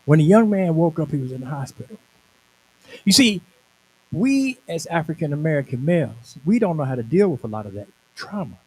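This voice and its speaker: A man's voice: fairly high pitch, sing-song, brisk, mellow, low-quality recording. A man in his sixties, a minister, telling a personal testimony at a conference in a conversational, emphatic storytelling way. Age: 60s. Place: conference venue.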